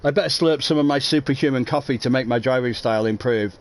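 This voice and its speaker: A man's voice: medium pitch, fast. Joking, rambling male race streamer. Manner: rambling, jokey, self-mocking. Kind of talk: casual livestream banter.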